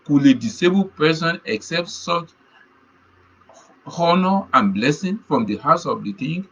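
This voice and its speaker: A man's voice: on the high side, expressive, a little slow, fairly bright tone, slightly rough, rough recording. A man preaching a sermon, telling a personal testimony in an earnest way and repeating key phrases. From Nigeria.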